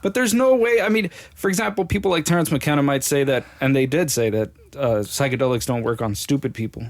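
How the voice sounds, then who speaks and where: A man's voice: mid-range voice, fairly quick. A sober man co-hosting a podcast, chatting casually, arguing points with wry humor and lots of swearing. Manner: profane, wry, argumentative. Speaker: podcast co-host. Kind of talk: casual chat.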